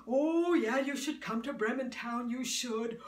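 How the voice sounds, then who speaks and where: A woman's voice: fairly high pitch, measured pace, natural voice. A woman doing a homely, eager donkey. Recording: roomy room, voice from a distance.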